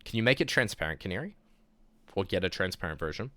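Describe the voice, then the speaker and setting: A man's voice: deep voice, expressive, fast talker, bright, forceful tone, dry recording. A man from New Zealand with a New Zealand accent, telling stories in a loose, rambling streaming chat full of filler words. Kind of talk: casual chat storytelling.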